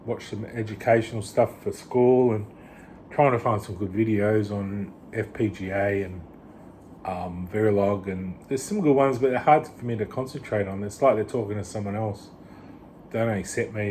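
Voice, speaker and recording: A man rambles through a casual vlog monologue, restarting his sentences and dropping in "you know". His voice sits low and mellow. Faint background noise runs underneath. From Australia. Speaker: vlogger.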